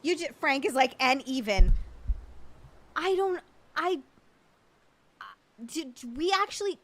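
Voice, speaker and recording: High-voiced, unhurried woman streamer. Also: lively intonation, fairly bright tone. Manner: overwhelmed, stammering, laughing and swearing. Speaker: livestream host. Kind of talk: casual live chat thanking viewers.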